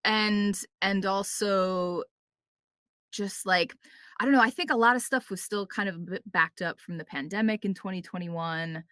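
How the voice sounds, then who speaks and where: A woman voice actor, a guest on a podcast, chatting casually and telling quick anecdotes with playful quoted asides and lots of "like" and "um". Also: medium pitch, fairly bright tone, no echo, clean studio sound. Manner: frequent fillers like "like" and "um".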